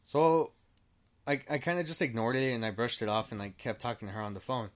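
Man, casual storytelling, middle pitch, rambling, restarts a lot, swears freely, acts out quoted dialogue. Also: lively intonation, fairly quick. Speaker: storyteller guest.

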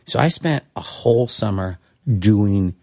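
A middle-aged man from California, a podcast guest telling stories casually in an animated, rambling way, acting out quotes. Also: lowish voice, unhurried. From Santa Cruz, California. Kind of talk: casual storytelling.

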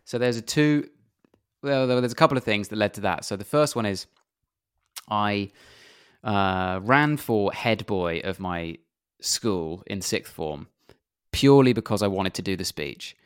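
A man's voice: lowish voice, measured pace, clear, resonant tone, dry recording, clean studio sound. A young man from England, a comedian guest telling self-deprecating, rambling stories in a casual interview.

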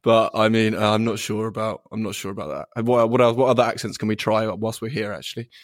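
A man's voice: lowish voice, steady tone, quick pace. A British man in his twenties, a guest on a video-call chat, polite and self-deprecating, laughing easily. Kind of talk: casual chat.

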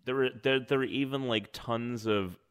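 A man's voice: medium pitch, normal speed, smooth, no echo, clean studio sound. A man co-hosting a casual podcast who laughs often and trails off mid-sentence. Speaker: podcast co-host. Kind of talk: casual chat.

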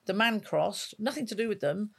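A woman's voice: medium pitch, animated, normal speed, gravelly, fairly bright tone, breathy edge. A woman in her fifties, a retired police dog handler, telling stories in an interview and acting out the dialogue she quotes. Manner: vivid storyteller who acts out quoted dialogue. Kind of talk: emotional storytelling in an interview.

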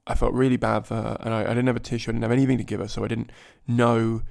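Man, gravelly, fairly flat delivery, swears freely while spinning a self-mocking story. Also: medium pitch, racing. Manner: animated, profane, self-mocking. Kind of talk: comic anecdote, conversational.

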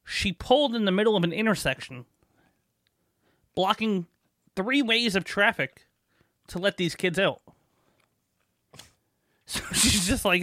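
This podcast co-host speaks in a fairly high, expressive voice, laughing readily and cursing often while sharing everyday anecdotes in loose studio banter. He's loud, and the recording is close and dry, with hardly any echo.

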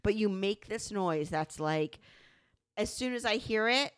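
Animated, profane woman chatting candidly. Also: mid-range voice, measured pace, clear, resonant tone, no room sound. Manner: animated, profane, acts out quotes. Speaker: podcast co-host. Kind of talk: candid couple's chat.

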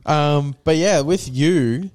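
A man's voice: on the high side, takes it slowly, a little mellow, no room sound, clean studio sound. A young adult man with an Australian accent, co-hosting a casual podcast chat in a laid-back, swearing, filler-heavy way. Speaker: podcast co-host.

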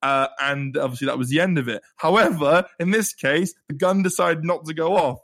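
Animated young man telling a story. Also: fairly high pitch, brisk. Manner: animated, swearing, laughing, repeats words. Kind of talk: casual storytelling chat.

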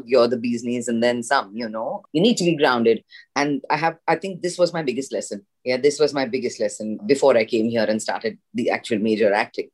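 Woman from india, actress, telling a story and doing all the voices, chatty interview. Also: a bass voice. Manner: animated anecdote with acted-out dialogue and laughs. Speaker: guest actress.

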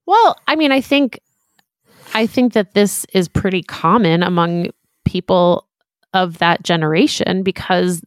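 A woman's voice: fairly low pitch, a little slow, dry recording, studio quality. A woman co-hosting a casual podcast, chatting and reading listener emails aloud in an easygoing way. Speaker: podcast host. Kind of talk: casual chat.

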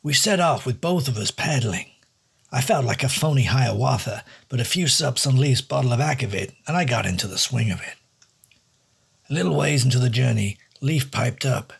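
A man's voice: mid-range voice, animated, moderate pace, gravelly, slightly rough. A man narrating a hard-boiled noir story in a dry, wry first-person detective voice. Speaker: storyteller and host.

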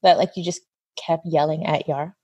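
A woman, a mother of a toddler, telling lively stories in casual chat and saying "like" a lot. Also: low voice, moderate pace, lo-fi sound. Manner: lively storytelling, heavy use of "like".

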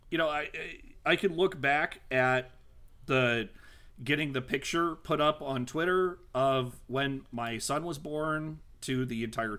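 A man co-hosting a podcast in casual chat, halting and stumbling over his words. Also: mid-range voice, bright, forceful tone. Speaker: podcast co-host.

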